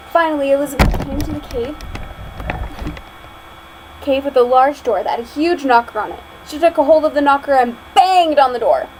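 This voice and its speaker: A woman's voice: high voice, slight background noise, poor audio. A young woman reading a picture book aloud as a student, telling it expressively and then chatting casually about it. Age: young adult. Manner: expressive storytelling, chatty afterward. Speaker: student reader.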